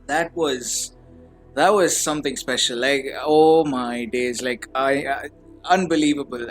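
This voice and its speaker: A man hosting a casual fan podcast, gushing and stammering, his voice trembling with excitement. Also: medium pitch, a little slow, faint music behind. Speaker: podcast host.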